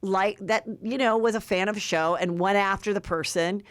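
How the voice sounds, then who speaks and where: A woman's voice: mid-range voice, moderate pace, no room sound. Chatty woman podcast host, dry sound. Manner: chatty, animated, acts out quotes in put-on voices. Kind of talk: casual gossip chat.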